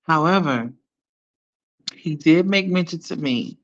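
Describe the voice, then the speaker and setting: A woman with children chatting casually to viewers on a live stream, animated and blunt, laughing often and using slang. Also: fairly low pitch, slow, long pauses. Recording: dull lo-fi sound.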